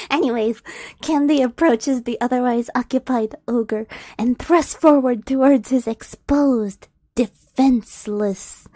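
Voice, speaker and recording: Soft-voiced young woman reading aloud. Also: on the high side, slow, no room sound. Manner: soft, often whispered narration, giggly asides. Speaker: streamer reading fan fiction. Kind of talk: reading a story aloud with commentary.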